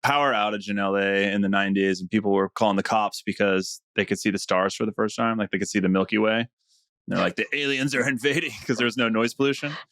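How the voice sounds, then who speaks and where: Teasing man podcast host, low voice. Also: steady tone, fast, a bit bright, no room sound. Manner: teasing, joking. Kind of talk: casual chat. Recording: dry close sound.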